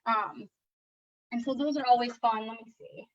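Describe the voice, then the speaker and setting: A young adult woman, a speech-language pathologist, gives a relaxed lesson for parents on early reading. She talks through ideas with plenty of "um"s and turns lively and singsong when she reads from a children's book. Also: on the high side, moderate pace, highs cut off.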